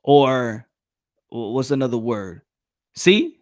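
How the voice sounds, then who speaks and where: A man's voice: mid-range voice, expressive, slow, dry recording, clean studio sound. A man with a New York accent hosting a casual chat, loose and slangy, laughing often. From New York City. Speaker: podcast host.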